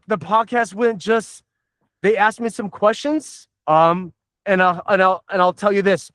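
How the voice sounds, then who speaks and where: A middle-aged man from the Southern United States hosting a casual podcast, rambling and swearing excitably. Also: high-pitched, no echo. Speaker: podcast host.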